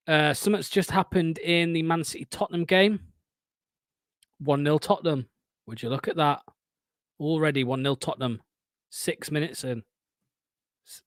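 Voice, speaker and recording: A man, hosting a fan watchalong stream and giving excitable, sweary live match commentary. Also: on the high side, no echo.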